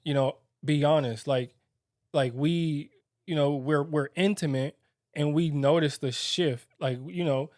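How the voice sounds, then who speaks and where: A man's voice: a little high, steady tone, a little mellow, dry recording, clean studio sound. A young man co-hosting a married-couple podcast, talking candidly and reflectively, with many fillers and restarts. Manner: reflective, halting, filler-heavy. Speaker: podcast co-host.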